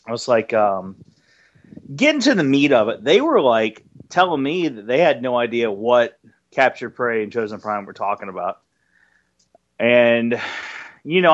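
A man chats on a podcast in a mid-pitched voice, rambling and profane, often restarting his sentences. The recording sounds dull and lo-fi. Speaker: podcast co-host. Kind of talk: casual podcast chat. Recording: dull lo-fi audio.

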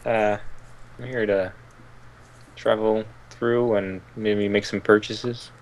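A man playing in a tabletop game, speaking in a hesitant, low-key way. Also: steady tone, slow pace, slight background noise, rough recording. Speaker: player. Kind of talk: casual chat at a game table.

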